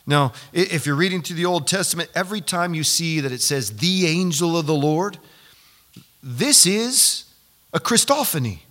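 A man preaching a sermon as pastor, animated and building to loud, emphatic peaks. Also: fairly high pitch, moderate pace. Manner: repeats himself when excited.

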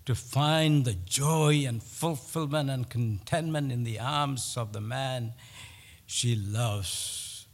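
Male pastor, measured sermon delivery with emphatic repetition, recorded in a hall with long reverb. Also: medium pitch. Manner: storytelling, with pauses and emphatic repetition. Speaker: preacher.

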